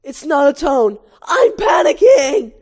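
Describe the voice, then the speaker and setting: A woman voicing a panicky young woman florist stuck flying a plane, flustered and rising into yelling. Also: high voice, very animated, moderate pace, pitched above the performer's own voice.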